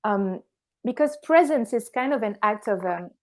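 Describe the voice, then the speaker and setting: Young woman, calm teacher voice, interview guest, mid pitch. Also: moderate pace. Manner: calm, instructive, gives everyday examples. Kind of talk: explanatory conversation.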